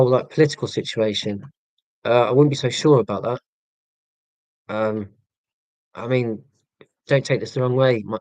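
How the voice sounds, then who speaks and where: A man chatting casually on a live stream in a flat monotone, with a dry, self-deprecating sense of humour. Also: mid-range voice, dry recording. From England. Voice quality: monotone delivery.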